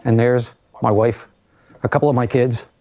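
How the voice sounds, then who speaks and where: An older man recounting his own survival in a documentary interview, measured and reflective with vivid asides. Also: mid-range voice, fairly even intonation, darkish tone.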